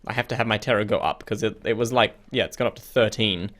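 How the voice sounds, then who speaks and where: A man's voice: on the low side, fast talker, a bit bright. A man giving casual gameplay commentary, reading the game's text aloud, laughing often and sounding easily confused, with a casual swear now and then. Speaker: let's play gamer.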